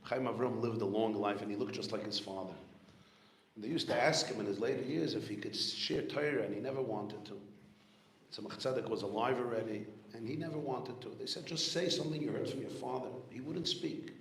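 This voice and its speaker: A man's voice: medium pitch, a little fast. A middle-aged man from Brooklyn with a New York accent, a rabbi telling stories at a gathering, weaving in Hebrew and Yiddish terms. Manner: animated storyteller, sprinkles Hebrew and Yiddish terms. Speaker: rabbi giving a farbrengen talk. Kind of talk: storytelling sermon. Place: large room at a gathering. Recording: echoey room, faint background noise.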